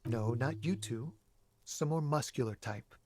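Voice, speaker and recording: A man's voice: mid-range voice, measured pace, dark tone, natural voice. A man voicing an evasive, weary game character who is being questioned.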